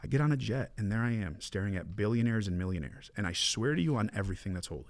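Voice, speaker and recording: A man with a low voice tells his stories at a fast clip in a casual podcast chat. He acts out what others said, then sinks to a hushed tone. The studio sound is dry and close. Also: no echo. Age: 20s. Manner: animated storyteller, acts out quoted dialogue, drops to a hush. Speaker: mortgage broker guest. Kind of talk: casual storytelling interview.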